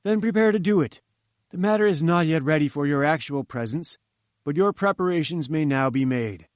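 Man doing an imperious bearded old scientist, commanding, dismissive, slightly high, dry close sound. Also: moderate pace, no room sound, lightly acted. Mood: curt, haughty. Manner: commanding, dismissive, grandly emphatic. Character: imperious domineering male scientist, older, bearded. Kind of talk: audiobook character reading.

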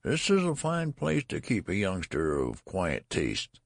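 A man's voice: huge pitch swings, a little slow, gravelly, no echo, clean studio sound, heavily acted. A man voicing a querulous, very old man with a cracked, whining voice in an audiobook. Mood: shrill complaint. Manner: complaining, rising to shrill protest. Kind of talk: audiobook character voice.

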